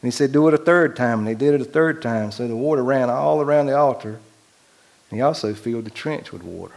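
A man preaching a sermon, reading scripture aloud and commenting on it, his voice rising louder on key lines. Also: medium pitch, quick pace, gravelly. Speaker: pastor.

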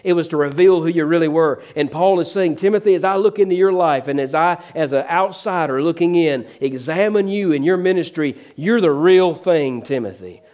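A man's voice: a little high, a little fast, hardly any pauses. A man preaching a sermon as pastor, often calling out "amen?" and acting out the words of the people he quotes. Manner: preacherly, calls out "amen?" to the congregation; voices quoted figures with shifts in pace and loudness.

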